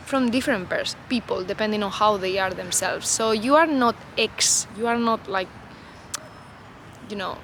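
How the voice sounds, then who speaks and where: A woman's voice: a little high, fairly bright tone, slight background noise, rough recording. A woman vlogger talking unscripted to camera outdoors, in a loose, reflective way full of "you know" and "like".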